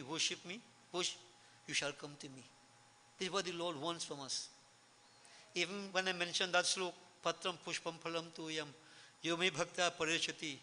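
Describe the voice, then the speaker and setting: Man, devotional sermon, high bright voice, earnest, repeats key phrases, long hall reverb. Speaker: spiritual speaker. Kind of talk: devotional discourse with chanted scripture. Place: hall at a religious celebration.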